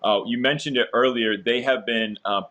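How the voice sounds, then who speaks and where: A man's voice: medium pitch, steady tone, moderate pace, muffled recording, noisy background. A man hosting an interview over a video call, upbeat and encouraging, with frequent fillers. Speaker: interviewer and host.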